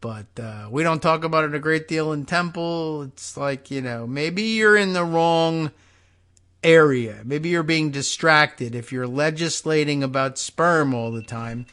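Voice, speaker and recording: A male podcast host giving political commentary in a sarcastic, rambling way. He keeps restarting his sentences as he works through a point. His voice sits slightly high for a man. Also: a bit bright. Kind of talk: political commentary talk show.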